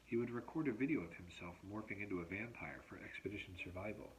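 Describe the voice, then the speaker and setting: A male teacher reading a novel aloud at home, expressive and measured in his storytelling. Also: lowish voice, slight background noise, poor audio.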